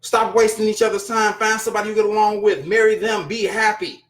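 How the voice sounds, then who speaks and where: A man's voice: high voice, fairly even intonation, brisk, a bit bright. A man hosting his own show, talking casually to his chat in a blunt, profane, exasperated rant. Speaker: show host reading chat. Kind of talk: casual live-stream commentary.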